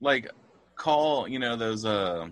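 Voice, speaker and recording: A man's voice: medium pitch, expressive, takes it slowly, a bit bright. A man in a casual comedic chat, telling a rambling story full of "like" fillers.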